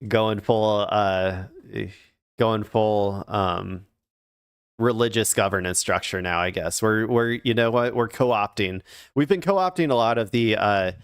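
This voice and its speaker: A male streamer giving casual commentary on news clips. His voice sits low and sounds dry and close. He rambles and stalls on fillers and restarts. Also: a little slow, smooth, no echo.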